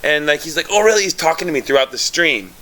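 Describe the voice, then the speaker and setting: A man chatting casually as co-host, telling an excited, rambling story with lots of fillers and swearing. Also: fairly high pitch, quick pace. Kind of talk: casual chat.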